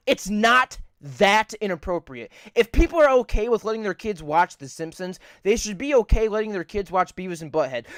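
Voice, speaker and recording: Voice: mid-range voice, fairly bright tone, no room sound, clean studio sound. A podcast co-host in casual chat, rambling and swearing a lot, repeating points for emphasis.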